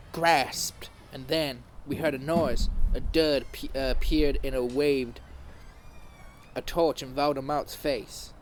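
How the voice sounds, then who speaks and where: A man with a fairly high voice reads aloud for laughs, tripping over words in a mock-serious delivery. Faint background noise sits under the recording. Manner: stumbling, mock-dramatic reading with frequent slips. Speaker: podcast host reading aloud. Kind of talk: comedic dramatic reading.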